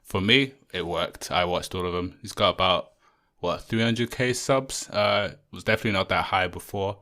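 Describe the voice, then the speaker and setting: Low, bright-voiced man chatting casually. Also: normal speed. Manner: rambling, many fillers and restarts. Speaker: podcast co-host. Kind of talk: casual chat.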